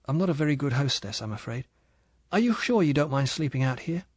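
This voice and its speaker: A man voicing a timid, lonely young wife from England, speaking softly with a strained eagerness. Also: medium pitch, very animated, fairly quick, no room sound, pitched above the performer's own voice. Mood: soft wistful.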